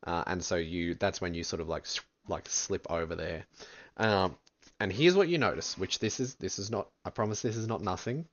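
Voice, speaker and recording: A man running a tabletop game as game master, describing scenes in a relaxed, rambling way full of fillers. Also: sits low, moderate pace, muffled recording.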